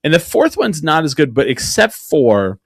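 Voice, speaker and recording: A podcast host chatting casually, an animated storyteller who often drops into mock voices and quoted lines. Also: male voice, on the high side, moderate pace, vocal fry, slightly rough, no echo, studio quality. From Eastern New Mexico. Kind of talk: casual chat.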